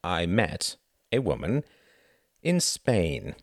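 A man's voice: lowish voice, sing-song, a little slow, a bit bright, no echo, clean studio sound, voice pushed up, exaggerated voice. A man voicing a cool, guarded adult son with clipped, pointed speech in a storybook reading.

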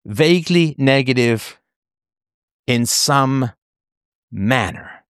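A male author holds forth in a conversation, emphatic and digressive, with a dry, slightly sardonic edge. His voice sits at an ordinary middle pitch. The sound is close and dry, with no room to it. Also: expressive, moderate pace, a bit bright, dry recording. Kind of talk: conversational interview.

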